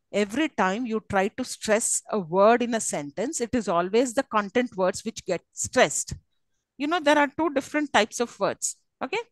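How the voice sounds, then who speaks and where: A woman's voice: on the high side, no room sound, rough recording. A woman giving a university English lecture, often checking that her students follow. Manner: teacherly, checks understanding often. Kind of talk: classroom lecture.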